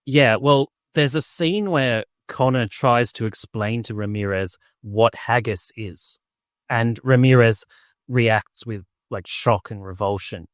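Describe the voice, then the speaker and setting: A man's voice: medium pitch, slow pace, dry recording, studio quality. A man co-hosting a podcast, chatting casually and enthusiastically about a film, with lots of restarts and fillers. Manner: rambling, full of "like" and restarts, enthusiastic. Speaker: podcast co-host. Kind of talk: casual film-review chat.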